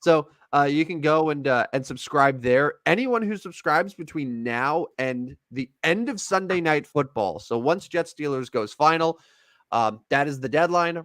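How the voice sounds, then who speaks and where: Man, podcast co-host, rambling and jokey, very lively pitch, dry close sound. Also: dry recording. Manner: rambling, jokey, animated sign-off. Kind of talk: casual sports podcast chat.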